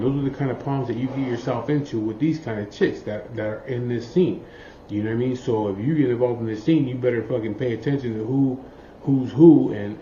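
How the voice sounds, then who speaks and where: A man tells a long story in a loose, profane ramble, tossing in filler checks with his listener. His voice is dark and mellow. The recording is muffled and roomy, with a faint hiss behind him. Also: medium pitch. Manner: rambling, profane, keeps saying "you know what I mean". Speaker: biker telling a story. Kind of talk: casual storytelling.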